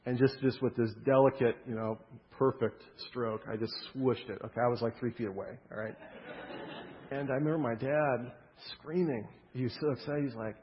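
A man's voice: mid-range voice, fairly even intonation, moderate pace. A man preaching a sermon, in a loose, conversational way with humorous storytelling. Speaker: pastor. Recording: muffled with long hall reverb.

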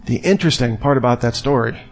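A man's voice: medium pitch, fast talker. A man giving a conversational sermon to a live audience in a room, telling stories and asking rhetorical questions. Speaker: speaker.

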